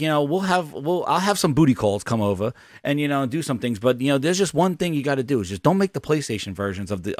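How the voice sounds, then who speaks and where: A man voicing a smooth-talking male executive who woos a partner with big promises, low and hushed, stumbling over his words. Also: dry recording, studio quality, natural voice. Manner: seductive, rambling, stammering.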